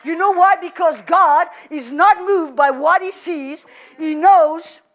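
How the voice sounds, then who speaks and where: A woman preaching a sermon in an animated, exclamatory way, with lots of fillers. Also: very high voice, slow.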